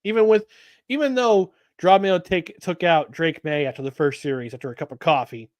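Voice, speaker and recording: A man co-hosting a casual sports podcast, animated and sarcastic, reading statements aloud with a mocking edge. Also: on the high side, brisk, no echo. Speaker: podcast co-host.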